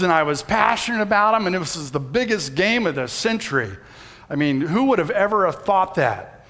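A man, preaching a sermon and telling a personal story in a folksy way. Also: high voice. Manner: folksy storytelling, shouts when reenacting. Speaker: pastor. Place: church sanctuary. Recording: reverberant church hall.

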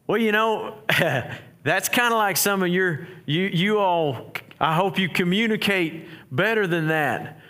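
A man's voice: sits high, expressive, slow pace, sharp tone. A middle-aged man, a pastor preaching a sermon in a conversational way, often restarting his sentences.

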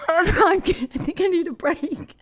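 A woman co-hosting a casual comedy podcast, teasing her co-host with quick wit and frequent laughter. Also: very high voice.

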